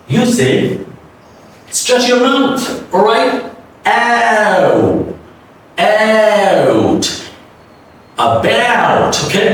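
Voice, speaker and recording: A man teaching English pronunciation, modeling words slowly and repeatedly and asking the listener to say them back. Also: sits high. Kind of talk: classroom-style pronunciation lesson. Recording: echoey room from a distance with faint background hum.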